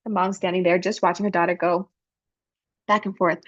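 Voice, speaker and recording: A woman interpreting for a panelist, telling a story in an expressive, animated way. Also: lowish voice, brisk, dull audio. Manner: animated, expressive, breaks into character voices. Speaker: sign language interpreter voicing a panelist.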